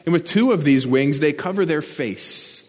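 A man's voice: a little high, expressive, normal speed, a little mellow. A man preaching a sermon, earnest and explanatory, lifting his voice to stress key words. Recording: long church reverb.

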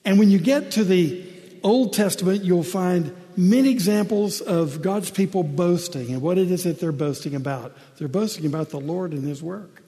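A man preaching a sermon as a pastor, leading prayer and reading scripture with a solemn, deliberate pulpit delivery. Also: sits high, dark tone. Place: church sanctuary. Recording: long reverb of a large hall.

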